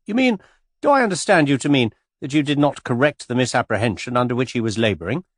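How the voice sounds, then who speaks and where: Brief: man playing pompous indignant English gent, audiobook, husky and loud. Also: big pitch swings, brisk, dry recording, clean studio sound. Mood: outraged. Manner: formal, indignant, booming. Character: pompous, stuffy middle-aged English gentleman.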